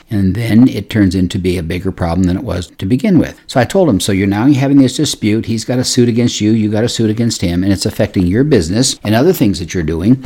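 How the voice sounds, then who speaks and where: Older male pastor, low husky voice, conversational storytelling sermon. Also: a little mellow. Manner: storytelling, acting out dialogue in a conversational tone.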